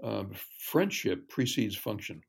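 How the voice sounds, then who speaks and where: A man talking as a ministry guest in an interview, earnest and measured, telling stories. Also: on the low side, sing-song, creaky, slightly rough. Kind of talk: casual interview chat.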